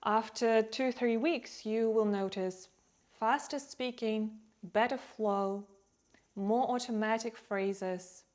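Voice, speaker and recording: Woman English teacher, slow careful delivery, slightly high voice, stresses words for learners. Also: darkish tone.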